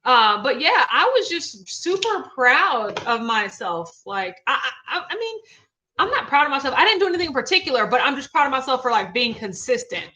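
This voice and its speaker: A woman's voice: high voice, sing-song, fairly quick, sharp tone, low-quality recording. A young woman hosting a casual livestream, bubbly and chatty, reading viewer comments aloud. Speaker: livestream host.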